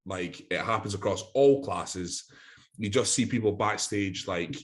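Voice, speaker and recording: A man's voice: on the low side, measured pace. A Scottish man co-hosting a podcast, chatting casually, swearing and saying "mate" and "aye". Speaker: podcast co-host. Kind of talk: casual chat.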